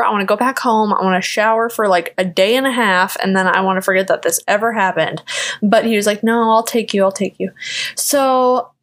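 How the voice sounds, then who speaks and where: A young woman hosting a podcast, telling a rambling personal story full of "like" fillers and swearing. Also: mid-range voice. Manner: rambling, heavy "like" fillers, profane. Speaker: podcast host. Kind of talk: casual storytelling monologue.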